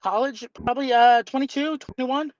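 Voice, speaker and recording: A man in his thirties co-hosting a casual show, joking with deadpan absurd humor. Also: extremely high pitch, normal speed, dry recording, dull audio. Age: 30s. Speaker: co-host. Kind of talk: casual podcast chat.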